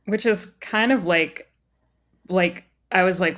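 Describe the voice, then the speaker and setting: A woman's voice: lowish voice, slow, a bit bright. A woman co-hosting a podcast, chatting casually with a wry, critical take on a show. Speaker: podcast co-host. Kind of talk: casual chat.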